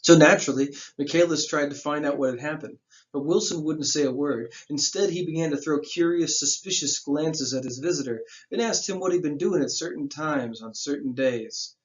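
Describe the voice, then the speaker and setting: Male teacher reading a novel aloud, slightly high voice, casual slangy asides, dull lo-fi recording. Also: moderate pace. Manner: stops reading to explain the plot in plain slang.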